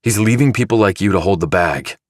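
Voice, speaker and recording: A male narrator playing a calm, probing investigator in an audiobook, pressing with level questions. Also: lowish voice, brisk, dry recording, clean studio sound, voice pushed up, close to an everyday voice. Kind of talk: audiobook dramatization.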